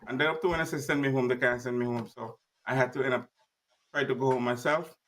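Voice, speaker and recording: A man's voice: medium pitch, fairly even intonation, fast, a bit bright, far from the mic. A man as a guest, telling a personal story in plain, emphatic words and acting out the dialogue.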